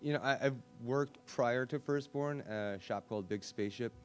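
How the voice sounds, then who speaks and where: A man speaking casually on a discussion panel, chatty and full of fillers and quick asides. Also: mid-range voice, smooth. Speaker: web design panelist.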